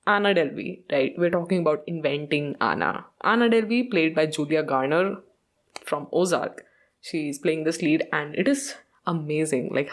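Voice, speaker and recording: Chatty woman podcaster. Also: sits low. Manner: chatty, mixes in Hindi, laughs often. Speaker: podcast host. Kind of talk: casual show review.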